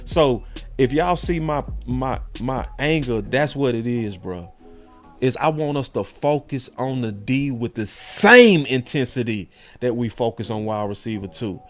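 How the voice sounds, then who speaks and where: A man's voice: mid-range voice, animated, measured pace, faint music behind. A man hosting a sports podcast, talking in a heated, slangy, repetitive way. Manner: fired-up, slangy, repeats himself. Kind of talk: heated casual sports talk.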